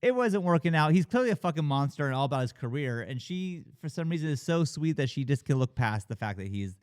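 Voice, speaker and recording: A man talks through a movie plot in loose, casual chat, swinging his voice high whenever he mimics a character. He swears often and leans on fillers like "like" and "you know." The sound is close and dry with no room echo. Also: fast talker, clean tone. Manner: animated retelling, acting out characters' lines with big pitch jumps. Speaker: podcast co-host reviewing a film.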